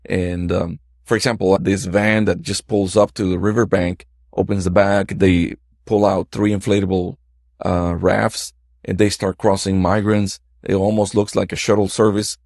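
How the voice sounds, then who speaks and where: A middle-aged male news reporter recounts his experiences in an interview. His voice is low and gravelly, and his speech is halting, full of fillers and restarts. The recording is dry and close. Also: level tone, darkish tone, no room sound. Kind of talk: interview storytelling.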